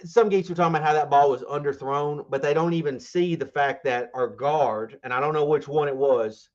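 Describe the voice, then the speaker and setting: A man's voice: on the high side, brisk, a little mellow, dull audio. A man co-hosting a sports podcast in casual chat, rambling and enthusiastic, full of fillers and restarts. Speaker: podcast co-host.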